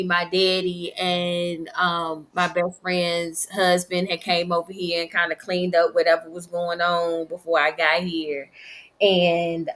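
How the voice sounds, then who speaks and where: A middle-aged woman, telling the story of losing her son in slow, halting, emotional speech. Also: fairly low pitch, sharp tone. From Virginia. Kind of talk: personal testimony.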